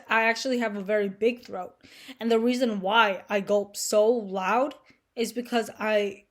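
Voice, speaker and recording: A young woman vlogging to camera in a casual, rambling monologue, playful and crude, full of fillers. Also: fairly high pitch.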